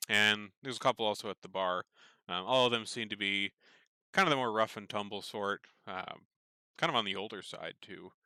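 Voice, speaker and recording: A man's voice: lowish voice, moderate pace, bright, forceful tone, no echo. A man narrating a tabletop game as game master, meandering, with many fillers and restarts.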